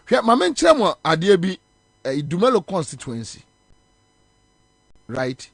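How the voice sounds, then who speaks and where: A man's voice: high-pitched, very animated, a little slow, gravelly, pauses often, no echo. A man with a Ghanaian accent, hosting a talk show and commenting on viral videos, switching between Twi and English.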